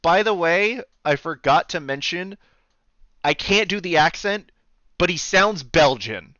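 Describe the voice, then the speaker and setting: A man running a tabletop game, chatting out of character to his players in an animated, chatty way with plenty of fillers. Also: a little high, measured pace, dry recording, muffled recording. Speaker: game master.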